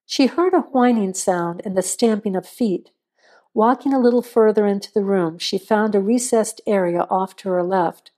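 Mellow-voiced woman reading a suspense story. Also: medium pitch, normal speed. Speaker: narrator. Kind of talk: scripted storytelling narration.

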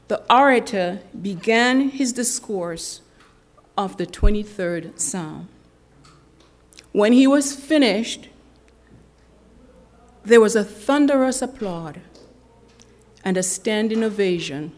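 Woman preacher, somewhat high voice, very unhurried, earnest sermon delivery with dramatic pauses. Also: a little mellow. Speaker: speaker at a women's ministry gathering.

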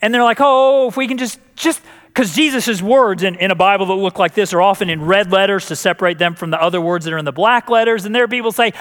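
A male pastor preaches a sermon with a jokey touch and often repeats words as he restarts his sentences. His voice sits high for a man. The sound rings out with the long reverb of a church hall. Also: fast, hardly any pauses, a bit bright.

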